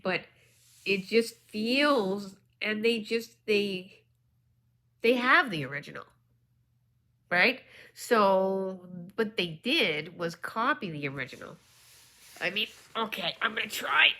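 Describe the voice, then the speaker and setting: A woman vlogger unboxing and showing a book in a casual chat, gushing with excitement and dropping into whispered asides. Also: medium pitch.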